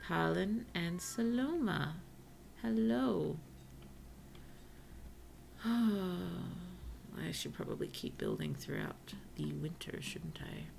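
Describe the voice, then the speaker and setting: A woman streamer chatting casually through a cozy game, talking to her villagers and often dropping to soft whispers. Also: lowish voice, wildly swooping pitch, extremely slow, vocal fry, long pauses, a little hiss or hum. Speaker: VTuber streamer. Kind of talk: casual gameplay commentary.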